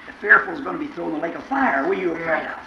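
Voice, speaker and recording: A man preaching a sermon to a congregation, fervent, dropping to quiet asides and then crying out in shouts, with questions thrown to the listeners. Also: fairly high pitch, rapid-fire, vocal fry, muffled recording, a little hiss or hum.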